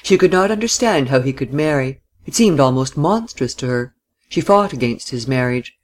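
Reading a novel aloud, this male audiobook narrator keeps a steady, even, measured delivery in a mid-range voice.

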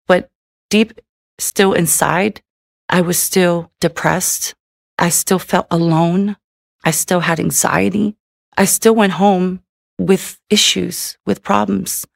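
Woman, creaky gravelly voice, dry close sound, earnest halting testimony. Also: fairly low pitch, no echo. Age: adult with a daughter. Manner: earnest and halting, with frequent "you know" fillers. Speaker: person sharing a personal testimony. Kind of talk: personal testimony.

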